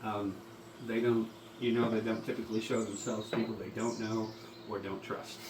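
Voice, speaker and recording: Distant man narrating a tabletop game. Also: fairly low pitch. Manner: relaxed, halting narration with frequent ums. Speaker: game master. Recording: distant, echoey room with loud background noise.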